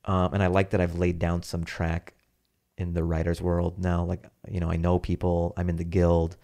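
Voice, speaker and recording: A man's voice: low voice, monotone, moderate pace, gravelly, dark tone. A man from Seattle, a stand-up comedian, chatting loosely and rambling through stories as a podcast guest. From Seattle, USA. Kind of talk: casual chat.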